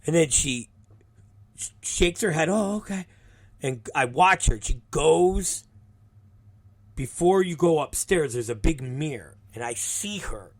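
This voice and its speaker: Animated, profane male show host. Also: a little high, slow pace. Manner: animated, profane, acts out the people in his stories. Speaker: show host, wrestling promoter. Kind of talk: casual storytelling.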